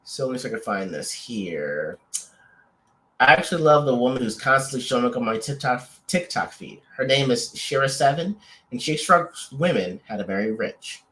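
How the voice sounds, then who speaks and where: A man co-hosts a casual couples podcast, his voice at an ordinary middle pitch. He rambles through restarts and fillers and teases his partner playfully. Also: very animated, moderate pace, sharp tone. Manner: playful teasing. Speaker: podcast co-host.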